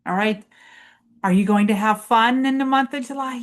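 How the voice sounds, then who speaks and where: A woman's voice: mid-range voice, unhurried. A woman hosting a preschool lesson, leading chants and reading aloud to children in an encouraging call-and-response way. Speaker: preschool teacher host.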